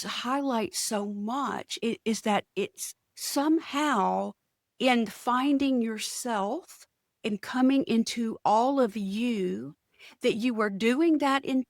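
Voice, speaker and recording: A woman's voice: mid-range voice, no room sound, clean studio sound. A woman hosting an interview, responding in a reflective, searching way with frequent restarts. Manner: warm, reflective, slow and searching, restarts often. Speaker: podcast host. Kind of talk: interview conversation.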